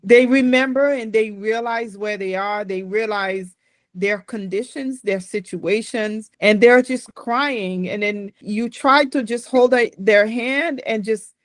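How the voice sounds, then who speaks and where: A woman's voice: mid-range voice, slow, no room sound. A woman hosting a podcast, talking in an earnest, reflective way. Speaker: podcast host. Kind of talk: casual podcast conversation.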